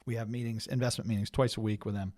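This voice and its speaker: A man hosting a financial planning webinar, reading market news aloud and explaining it in a halting way with many fillers and restarts. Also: on the low side, steady tone, darkish tone.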